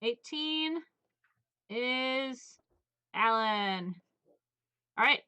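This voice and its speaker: A woman's voice: a little high, animated, drawn-out words, pushed and bright, smooth. A woman narrating a tabletop game as game master, chatty, with many fillers and laughs.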